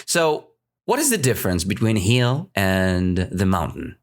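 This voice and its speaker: Telling a story to teach English, a Russian-accented man keeps an unhurried, steady pace that gives learners room to keep up. He is animated, his pitch rising and falling expressively, and he frequently checks in with "right?".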